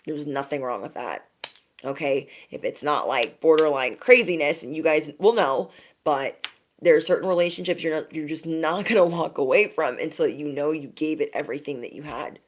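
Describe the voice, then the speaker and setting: A woman with a low-pitched voice reads tarot for her online audience. She speaks in a loose, conversational way, often pauses to ask "okay?", and laughs lightly now and then. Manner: chatty, reassuring, frequent "okay?" and laughs. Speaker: tarot reader. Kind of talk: casual tarot reading to viewers.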